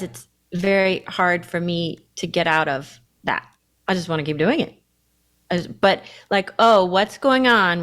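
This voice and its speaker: A woman co-hosting a podcast chats in a reflective, self-searching way. Her voice sits a little low, and she now and then acts out her own inner voices with sudden loud bursts. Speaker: podcast co-host. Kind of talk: reflective conversational chat.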